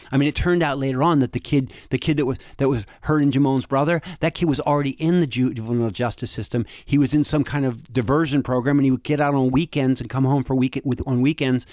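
A male storyteller recounting a personal story, halting and often repeating himself. He speaks at a middle pitch and frequently drops soft and low. The sound is dry and close, with no echo.

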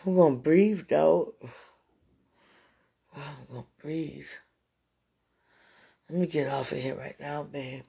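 A woman's voice: low-pitched, vocal fry, dark tone, breathy edge. A woman talking into a phone held close, emotional and repetitive, with a prayerful tone, as if speaking live to a loved one.

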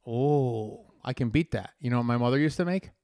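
A man's voice: medium pitch, brisk, dark tone, dry recording, studio quality. A man co-hosting a casual comedic debate, teasing and mock-formal as he argues his side.

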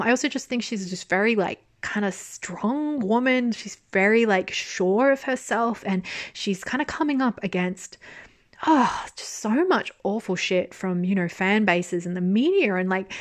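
A woman casually reviewing a drama in a chatty, candid way, with frequent filler words and casual swearing. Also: mid-range voice.

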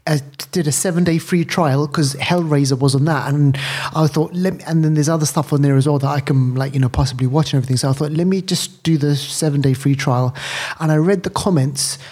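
A man co-hosting a podcast in casual chat, talking in an animated, rambling way full of "right" and "you know". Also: on the high side, fairly quick, slightly rough. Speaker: podcast co-host.

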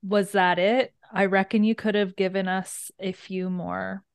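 A woman's voice: medium pitch, a little slow, smooth, dry recording, clean studio sound. A woman chatting casually about a novel, recapping chapters and acting out characters' lines. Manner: relaxed, acts out characters' lines. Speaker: book discussion co-host.

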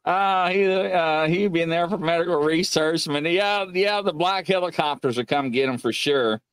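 A man's voice: fairly high pitch, moderate pace, fairly bright tone, clean tone, no echo. Joking man hosting a live chat. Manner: joking storyteller, laughs often. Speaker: show host. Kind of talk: casual live-stream chat.

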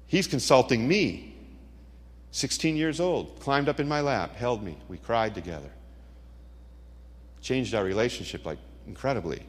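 A man's voice: medium pitch, expressive, unhurried, pauses often. A middle-aged man giving a dramatic testimony sermon, telling stories with punchy asides. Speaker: Christian speaker. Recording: long hall reverb.

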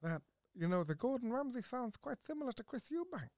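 An Irish man hosting a casual chat, an animated storyteller who swears casually. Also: very high voice, brisk, no room sound, clean studio sound. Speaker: podcast host and impressionist.

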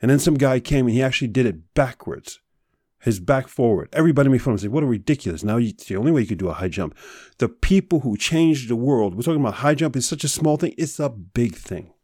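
A man hosting a podcast, giving a blunt motivational talk full of rapid rhetorical questions and profanity. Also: medium pitch, animated, a little mellow, breathy edge, no echo, studio quality. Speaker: podcast host. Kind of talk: motivational monologue.

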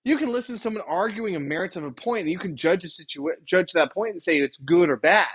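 A man's voice: sits high, lively intonation, fast talker, a bit bright, breathy edge. A man giving an informal preaching monologue, rambling and correcting himself as he retells scenes and quotes scripture. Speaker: Christian commentator.

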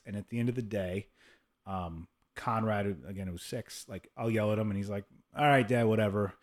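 A man's voice: on the low side, darkish tone. A man in his thirties hosting a casual interview chat, talking frankly, swearing, and acting out voices when he tells a story. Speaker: podcast host.

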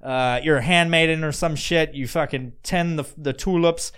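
A man's voice: a little high, fairly even intonation, moderate pace, fairly bright tone, smooth, lightly acted. A man voicing a blunt, crude king interrogating and accusing a woman.

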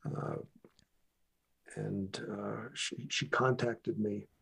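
A man speaking as an interview guest, sharing serious stories about his training in an earnest, measured way with frequent restarts. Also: lowish voice, steady tone, vocal fry, a bit bright, slightly rough. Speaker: guest, traditional healer. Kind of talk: interview, reflective storytelling.

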